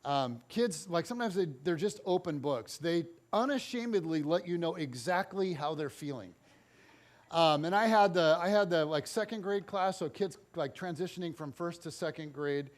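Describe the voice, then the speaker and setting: High-voiced pastor telling stories. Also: male voice, normal speed. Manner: animated storytelling. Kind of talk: sermon. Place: church.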